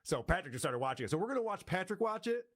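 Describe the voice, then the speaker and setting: A man's voice: high voice, sing-song, rapid-fire. A male streamer casually explaining and commenting on a show he is watching. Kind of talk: livestream commentary.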